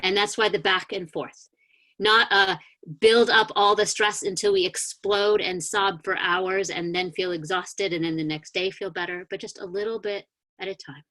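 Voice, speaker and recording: A woman minister preaches over a video call, gently leading a grounding meditation in calm, inviting language with a few soft hesitations. Her voice sits at medium pitch, heard through a video call mic.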